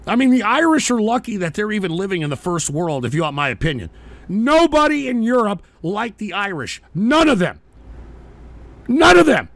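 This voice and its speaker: A man hosting a live radio-style show, ranting profanely at chat commenters and shouting in mocking outbursts. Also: high voice, big pitch swings, a little fast, no echo.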